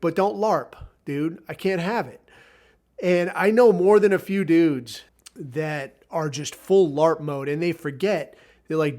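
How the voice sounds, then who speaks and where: A man's voice: fairly high pitch, measured pace, darkish tone. A man hosting a podcast, telling a rambling story in a casual, profane, sardonic way. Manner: rambling, heavy swearing, sardonic. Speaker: podcast host.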